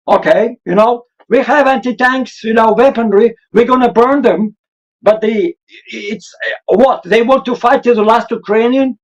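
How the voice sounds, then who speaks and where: Man, Russian accent, very high voice, emotional, urgent, non-native English, interview guest. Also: normal speed, poor audio. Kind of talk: impassioned interview answers.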